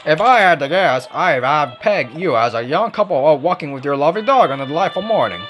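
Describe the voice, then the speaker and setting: Pompous chatty reporter, put-on accent, animated pitch; man voicing. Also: brisk, soft background music. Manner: wordy and pompous, stumbling over long words.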